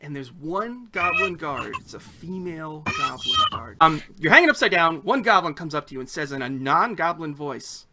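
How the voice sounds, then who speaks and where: Lively, animated male game master. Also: on the high side, normal speed, hardly any pauses, slight background noise. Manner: animated storytelling. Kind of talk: narrating a tabletop game.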